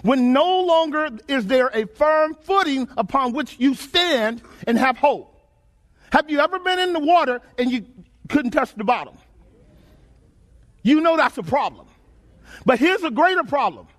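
A male preacher with an unusually high-pitched voice delivers an emphatic sermon. He keeps throwing questions back at the congregation and drives his points home by repeating phrases in rhythm. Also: animated, a little slow, a bit bright. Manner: emphatic call-and-response questioning.

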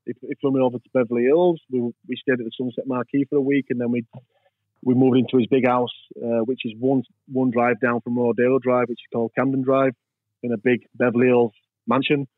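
Here the Englishman's delivery is flat and a touch fast, his pitch medium, as he rambles through stories in a relaxed interview and acts out other people's voices. The audio is dry with a tinny, telephone-like quality.

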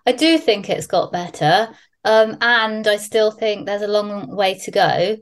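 A woman's voice: mid-range voice, unhurried. Candid, swearing woman telling stories. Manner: candid, swears freely, animated storyteller. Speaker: guest. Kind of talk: casual podcast chat.

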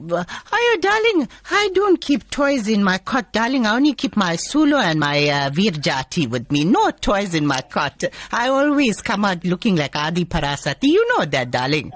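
Gushing aunty, darling this and darling that, swooping sing-song voice, dry studio sound. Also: male voice, high-pitched, very animated, normal speed, hardly any pauses, a bit bright, dry recording, heavily acted. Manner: gushing, affectionate, theatrical. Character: flamboyant doting aunty, endlessly calling everyone darling. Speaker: comedy character guest. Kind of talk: live radio phone-in chat. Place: radio studio.

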